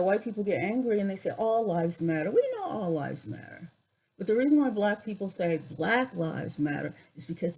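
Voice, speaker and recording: A woman in her sixties telling personal stories in a vlog, reflective and unhurried, with pauses and restarts. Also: lowish voice, warm tone, slightly rough, poor audio. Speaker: YouTuber.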